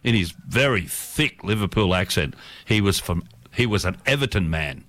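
A man's voice: deep voice, lively intonation, moderate pace, fairly bright tone, no echo. A man telling a travel story in casual chat, rambling and correcting himself as he goes, with the odd chuckle.

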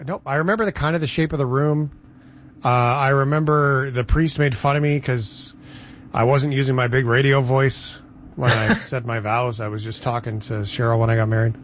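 A man's voice: medium pitch, fairly even intonation, normal speed. A man hosting a radio show, tossing in dry, teasing quips during casual chat. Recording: dull sound with faint noise.

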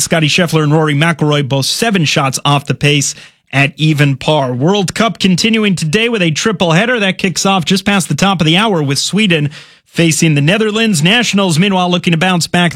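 Radio sportscaster, man, fairly high voice, dry close sound, brisk and upbeat. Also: fairly bright tone, no room sound. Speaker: sports reporter.

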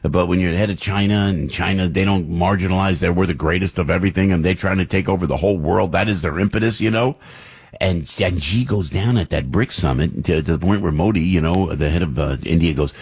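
A man with a New Jersey accent hosting a morning radio talk show, animated and rambling with lots of fillers. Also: low-pitched, fairly quick, slightly rough.

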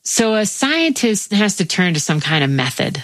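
A woman's voice: medium pitch, big pitch swings, normal speed, fairly bright tone, no room sound. A woman interviewer asking curious, wry questions in a conversation.

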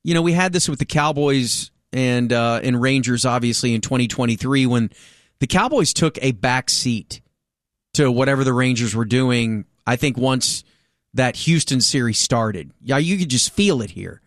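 A man's voice: mid-range voice, normal speed, no echo, studio quality. A man hosting a sports radio talk show, chatting casually and jumping in with questions. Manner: lively, animated, jumps in with questions.

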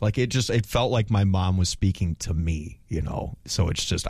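A man's voice: fairly low pitch, lively intonation, fairly quick, few pauses, darkish tone, no room sound, studio quality. A man hosting a classic rock radio show, chatting in a rambling, heartfelt way. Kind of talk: casual on-air chat.

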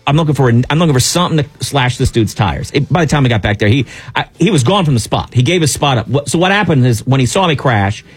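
Husky-voiced man telling an angry story. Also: mid-range voice, fast talker, hardly any pauses. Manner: animated, exasperated storytelling with many restarts. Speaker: radio show host. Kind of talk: casual storytelling chat.

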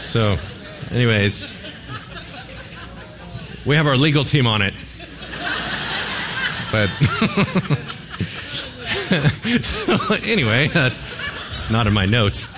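A pastor preaching a sermon to a congregation, telling a story with humor and acting out voices. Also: male voice, medium pitch, huge pitch swings, drawn-out words, long pauses, over a noisy crowd, very noisy.

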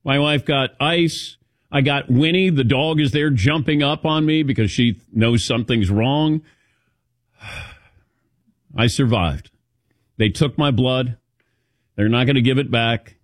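A man's voice: medium pitch, takes it slowly, pauses often, no echo, clean studio sound. A man in his sixties hosting a sports radio show, telling a self-mocking story and acting out the people in it. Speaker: sports talk show host. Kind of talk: casual radio show chat. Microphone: studio microphone.

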